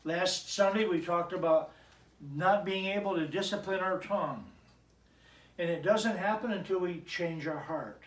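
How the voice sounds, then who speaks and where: Pastor, male, high-pitched voice, casual preaching with humor, echoey sanctuary heard from a distance. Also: a little slow. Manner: joking, chatty asides to the congregation. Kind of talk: conversational sermon. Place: church sanctuary. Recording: echoey church, mic at a distance.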